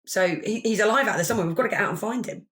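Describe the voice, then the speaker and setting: A woman's voice: medium pitch, rapid-fire, a bit bright. A woman playing a tabletop game, telling her part in a rambling way. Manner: rambling, with fillers. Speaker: player.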